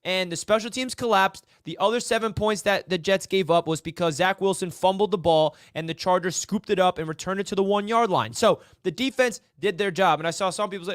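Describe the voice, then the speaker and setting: A man's voice: high-pitched, animated, normal speed, a bit bright, dry recording, clean studio sound. A man co-hosting a sports podcast, ranting heatedly about his team's losses. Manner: fired-up ranting, swearing. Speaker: podcast co-host.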